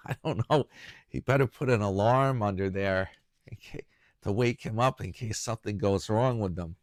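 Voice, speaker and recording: His voice sits on the low side as he talks casually to his YouTube audience on his own, chatty, meandering, and self-mocking. It's a dry recording with clean studio sound.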